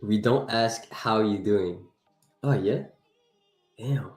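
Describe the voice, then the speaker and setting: A man's voice: on the low side, slow pace, a little mellow, reverberant, faint music behind. A man whose first language is French, hosting a live trading stream and chatting playfully with viewers. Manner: chatty, playful, reacts to chat with laughs.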